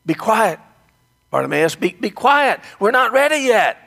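Impatient townsmen , mimicked by a preacher, hush and scold in urgent bursts. The voice is raised and gravelly, with a long echo trailing through the hall. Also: male voice, high voice, sing-song, a little slow, voice pushed up, full character voice. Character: impatient townsmen hushing a beggar.

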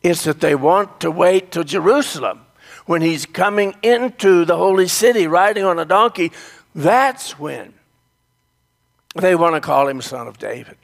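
A male preacher tells a story at an unhurried pace and speaks directly to his listeners. His voice has a gravelly edge and sits a little high for a man. A long reverb hangs behind him in the church. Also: animated. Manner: storytelling, addresses the congregation directly. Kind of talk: sermon.

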